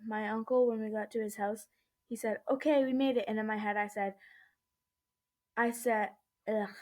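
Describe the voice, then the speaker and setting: A woman telling a storytime vlog at home into a laptop webcam mic, still shaken, rambling through it with lots of "I was like" and nervous restarts. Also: mid-range voice. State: shaken and uneasy. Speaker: vlogger. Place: indoors at home.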